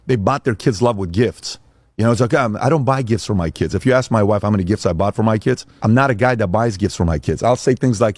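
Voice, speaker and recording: A middle-aged man and father telling a story in casual talk, animated and acting out quotes in voices. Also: lowish voice, no room sound. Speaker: father and speaker.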